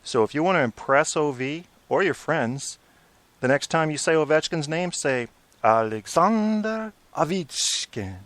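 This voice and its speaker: A man's voice: a little high, moderate pace, fairly bright tone, no room sound. A man in his forties hosting a post-game hockey talk show, opinionated and blunt, swearing when riled. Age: 40s. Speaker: podcast host.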